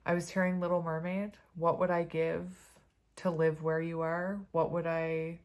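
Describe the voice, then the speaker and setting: A woman with a slightly low voice gives a tarot reading to her viewers, talking casually and laughing often. She reads each card message aloud, then chats about what it might mean. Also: level tone, measured pace, darkish tone. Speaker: tarot reader.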